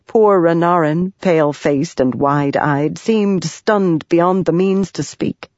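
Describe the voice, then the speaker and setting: An audiobook narrator reading a fantasy novel in an even, measured way. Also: mid-range voice, no echo. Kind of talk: scripted narration. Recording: dry, dull lo-fi sound.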